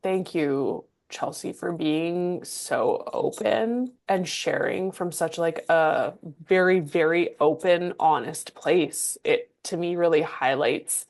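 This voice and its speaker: A woman's voice: low voice, slow pace, few pauses, a little mellow. A woman hosting a podcast, reflecting on what her guest has shared in casual interview talk. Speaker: podcast host.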